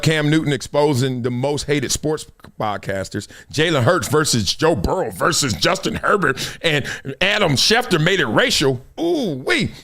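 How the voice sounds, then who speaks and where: A middle-aged man hosting a casual live-stream sports talk show, animated and laughing, jumping up to high exclamations. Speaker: show host.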